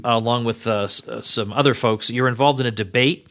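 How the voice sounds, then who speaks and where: A man hosting a podcast interview, talking in an energetic, chatty way with quick asides. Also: medium pitch. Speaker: podcast host. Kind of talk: casual interview.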